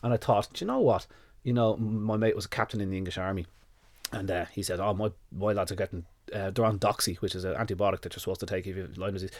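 Speaking fast in a low, steady voice with no room sound, this man appears on a podcast as a dog nutrition expert. His story leans heavily on quoted dialogue, and he curses without hesitation.

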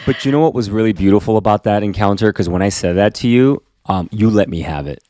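Low-voiced earnest male pastor. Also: quick pace, no room sound, clean studio sound. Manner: earnest, animated storyteller with frequent restarts. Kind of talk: casual podcast conversation.

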